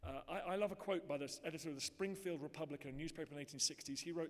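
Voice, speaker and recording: A man's voice: on the high side, racing, hardly any pauses. A man with an English accent giving an earnest, emphatic speech directly to an audience in a large hall. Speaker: conference speaker. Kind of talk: public speech. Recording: long hall reverb.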